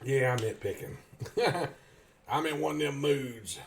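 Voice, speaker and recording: A man's voice: medium pitch, measured pace, creaky, slight background noise. A man chatting casually as a gaming live streamer, folksy and rambling, chuckling often. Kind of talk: casual chat over gameplay.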